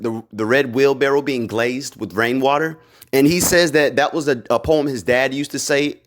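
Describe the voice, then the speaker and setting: Hyped up guy rambling thru a show recap, slangy, kinda high voice. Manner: excited, slangy, rambling with many fillers. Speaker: video creator recapping a TV episode. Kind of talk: casual theory recap vlog.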